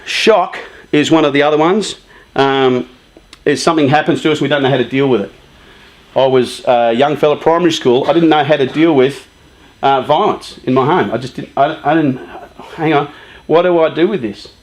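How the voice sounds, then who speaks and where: Here his voice runs on the high side at a normal speed. The man, in his fifties and working for a youth charity, chats and jokes with a live youth group, frequently quizzing the audience.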